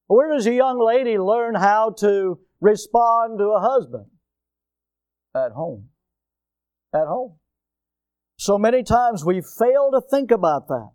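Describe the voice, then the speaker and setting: A man preaching a sermon as pastor in a church, emphatic, asking the congregation rhetorical questions and swinging between loud bursts and quiet asides. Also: sits high, dry recording, lo-fi sound. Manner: emphatic preaching with rhetorical questions and sudden rises and drops in loudness.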